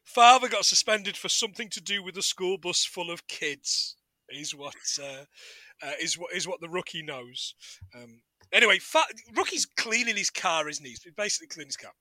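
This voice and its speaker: A man co-hosting a casual podcast, recapping a TV show in an animated way, laughing often and swearing freely. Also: high-pitched, moderate pace, no room sound. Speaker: podcast co-host.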